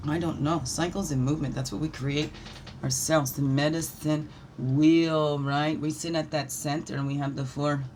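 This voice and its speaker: A woman leading a daily spiritual reflection while pulling oracle cards, animated and encouraging, with playful asides. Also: sits low, normal speed, a little hiss or hum. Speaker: spiritual guide.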